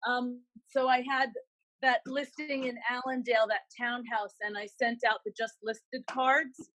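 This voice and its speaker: Bright, lively woman telling a story. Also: fairly high pitch, unhurried, no room sound. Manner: lively, acts out both sides of a phone call. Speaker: real estate agent on a group call. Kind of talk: animated storytelling in casual chat. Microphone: video call.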